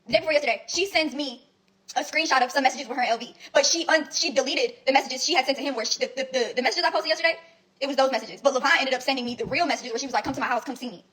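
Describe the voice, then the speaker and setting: A woman's voice: high-pitched, racing, fairly bright tone, low-quality recording. A young woman telling a rambling, blunt story full of swearing and fillers. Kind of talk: casual storytelling recap.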